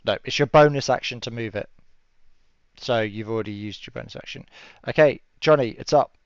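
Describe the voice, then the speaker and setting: A man's voice: mid-range voice, brisk, no room sound. A man running a tabletop game as game master, chatting casually with fillers and laughing asides. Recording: dull lo-fi audio with a dry sound.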